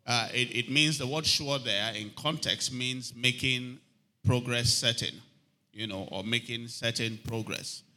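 A man's voice: medium pitch, unhurried, bright, forceful tone. A man preaching a sermon, calling for amens from the congregation and reading scripture aloud with rising emphasis. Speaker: pastor.

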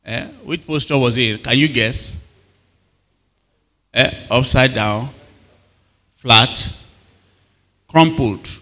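Brief: Nigerian male pastor, bright forceful voice, engaging congregation with frequent questions, long hall reverb. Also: mid-range voice, slow pace, pauses often. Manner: call-and-response questions to the congregation. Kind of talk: sermon.

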